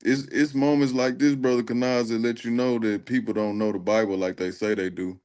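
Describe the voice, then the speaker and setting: Male co-host, calm measured delivery, mid-range voice. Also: medium pitch. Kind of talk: casual chat, scripture reading.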